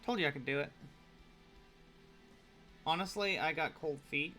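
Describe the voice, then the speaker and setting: A man's voice: a little high, measured pace, bright, forceful tone, faint music behind. A young man chatting casually while he paints on a live stream, joking and explaining each step.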